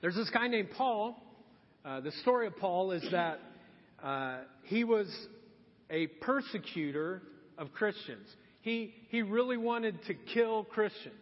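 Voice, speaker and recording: A man preaching a sermon as pastor, telling the story with lively acted-out quotes. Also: high-pitched, unhurried. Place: church hall. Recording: dull, long hall reverb.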